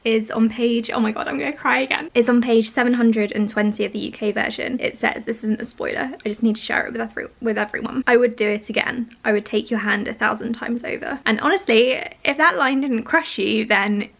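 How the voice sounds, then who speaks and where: A young woman from the UK chatting excitedly in a casual vlog, gushing and emotional as she talks about books. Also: on the high side, a little fast, creaky, few pauses. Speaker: book vlogger.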